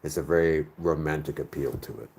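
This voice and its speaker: A man's voice: very deep voice, brisk, vocal fry, a little mellow, slight background noise. A man from the northern United States hosting a casual live chat, rambling and searching aloud for his words. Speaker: host. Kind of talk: casual live chat reading viewer comments.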